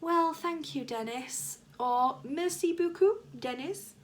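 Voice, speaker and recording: A woman's voice: high-pitched, takes it slowly, voice pushed up. A woman reading aloud, voicing a prim, theatrical female teacher who loves dropping in French words.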